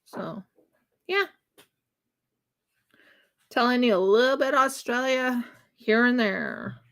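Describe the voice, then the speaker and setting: Slow, gravelly-voiced woman chatting. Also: on the high side, fairly bright tone. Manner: chatty and rambling, with laughs and fillers. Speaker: craft live streamer. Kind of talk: casual chat while crafting on a live stream.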